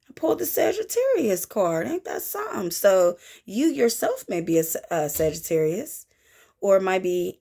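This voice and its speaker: Lively, gravelly-voiced woman tarot reader. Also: medium pitch. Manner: animated, playful, with sung sound effects; folksy asides to the viewer. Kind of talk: casual tarot reading monologue.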